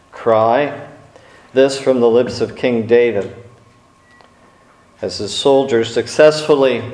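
A man preaching a sermon, speaking slowly with dramatic pauses and acting out quotes from scripture stories. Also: mid-range voice, darkish tone. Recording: echoey room.

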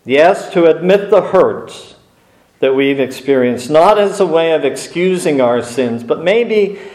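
A man preaching a sermon in an earnest, measured way, with brief pauses and small restarts. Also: fairly high pitch, darkish tone. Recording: echoey room.

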